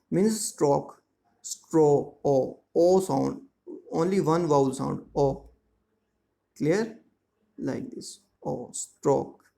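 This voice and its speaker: An English teacher gives a classroom lesson on grammar and syllables in a gravelly, mellow voice that sits on the high side. He explains slowly and repetitively, checking in with his students often.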